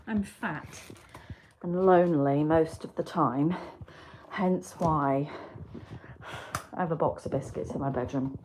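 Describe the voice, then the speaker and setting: The host is an English woman with a Yorkshire accent, chatting casually with her live chat from a home room, self-deprecating and swearing a lot. She speaks slowly in a lowish voice, pausing often. Her computer mic captures a noisy background.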